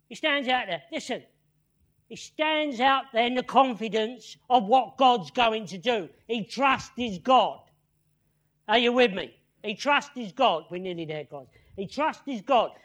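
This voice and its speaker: A man's voice: extremely high pitch, sharp tone. A man preaching a sermon as a story, repeating phrases and often calling out to his listeners. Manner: repeats phrases, calls "listen" and "yeah?" to the crowd.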